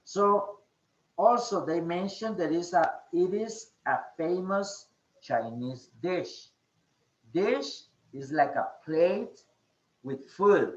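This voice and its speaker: A male English teacher leads an online class, pausing often and checking in with "okay?". His voice sits a bit high and moves slowly. The call audio is echoey and muffled. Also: animated. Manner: slow, repeats "okay?" often, hesitant fillers.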